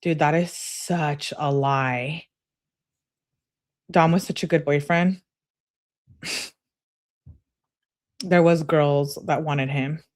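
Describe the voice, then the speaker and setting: A woman's voice: low-pitched, fairly even intonation, extremely slow, long pauses. A woman reading text messages aloud and adding chatty, slangy commentary in a casual tone. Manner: chatty, reactive, slangy asides. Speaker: true crime commentator.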